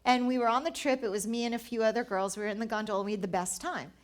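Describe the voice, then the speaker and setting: Speaking in rapid-fire bursts with a fairly high, fairly even voice, this travel writer in her 40s recounts her own journeys on stage at a live event. She performs the dialogue herself and laughs a lot along the way.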